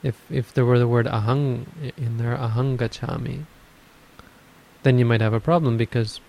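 Gravelly, flat-voiced man teaching meditation. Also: medium pitch, low-quality recording. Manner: measured, explanatory, thinks aloud. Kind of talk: dharma talk on meditation.

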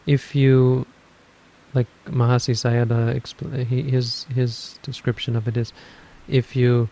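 A man teaches meditation in an unhurried dharma talk, thinking aloud through his points. His voice is gravelly and flat, held close to one level. A faint hiss sits under the recording. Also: mid-range voice, poor audio. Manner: measured, explanatory, thinks aloud.

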